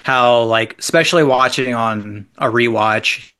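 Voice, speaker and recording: Bright-voiced man reviewing a movie. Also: medium pitch, measured pace. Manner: easygoing, enthusiastic reviewer with loose filler words. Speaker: podcast co-host reviewing a movie. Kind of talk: casual chat.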